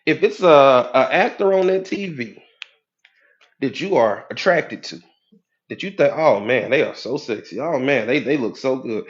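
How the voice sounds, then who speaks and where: A man giving a preachy, animated motivational talk as a life coach, acting out the voices of people he quotes. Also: medium pitch, a little slow, highs cut off. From United States.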